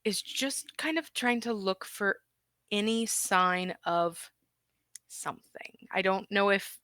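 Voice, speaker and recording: Woman, tabletop player, hesitant, slow, bright, crisp dry sound. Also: medium pitch, no room sound. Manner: hesitant, searching for words. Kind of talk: describing her character in a tabletop game.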